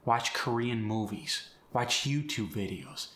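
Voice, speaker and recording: A man's voice: medium pitch, animated, slow, a bit bright, reverberant. A man coaching accents, explaining and demonstrating sounds by contrasting word pairs. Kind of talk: accent tutorial.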